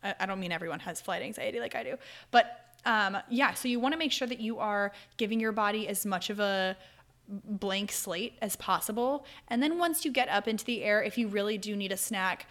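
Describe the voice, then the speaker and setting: A woman's voice: mid-range voice, a little fast, a bit bright. A young woman hosting a podcast, giving casual advice in a chatty, loose way with fillers and self-corrections. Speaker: podcast host.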